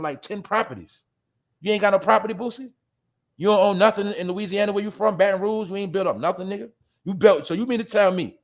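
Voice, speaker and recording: Male host with a high voice, brash and profane commentary style. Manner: profane, blunt, addresses listeners as y'all; laughs at his own jabs. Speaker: show host. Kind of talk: ranting commentary.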